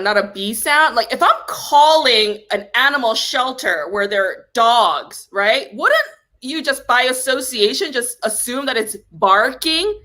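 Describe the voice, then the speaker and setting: A young woman telling a comic story in a casual, exasperated rant, swearing and jumping up in pitch when indignant. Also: animated, a little slow, pushed and bright. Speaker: comedy podcast host.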